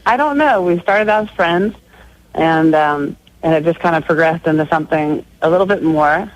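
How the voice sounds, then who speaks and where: A woman calling into a radio advice show, hesitant and halting with many fillers. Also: low-pitched, poor audio. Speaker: caller. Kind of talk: call-in radio conversation.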